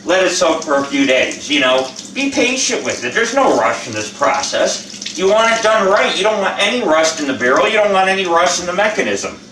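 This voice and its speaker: A man's voice: high voice, very animated, fairly quick, bright, forceful tone, echoey room, far from the mic, a little hiss or hum, low-quality recording. An older man who is a channel host, chatting bluntly and rambling with plenty of swearing in a casual how-to vlog.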